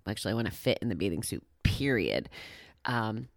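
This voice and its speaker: A woman's voice: very deep voice, sing-song, fairly quick, no room sound, studio quality. A woman talking casually to her listeners about recovering from gambling, rambling and self-deprecating, with frequent fillers. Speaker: podcast host on gambling recovery. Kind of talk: casual personal talk to listeners. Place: walking outdoors.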